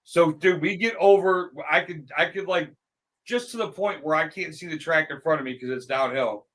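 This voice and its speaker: A man's voice: on the high side, normal speed, rough recording. A middle-aged man in casual chat, telling stories with swearing and frequent laughter. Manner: animated storyteller, swears, laughs often.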